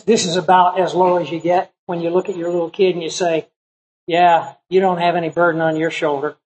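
A man's voice: high voice, low-quality recording. Man, middle-aged, pastor, folksy storytelling sermon, acted-out quotes.

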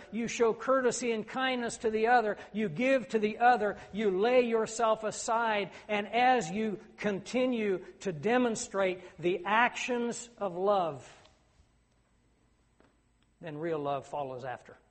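Middle-aged male preacher, high voice, earnest with emphatic peaks, long church-hall reverb. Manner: earnest, rising to emphatic declamation. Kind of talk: sermon.

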